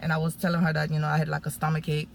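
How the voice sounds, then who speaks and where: A woman sharing a personal testimony in casual, animated storytelling, full of fillers and acted-out quotes. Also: low-pitched, racing, creaky, slight background noise. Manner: animated, acts out quoted speech, many fillers.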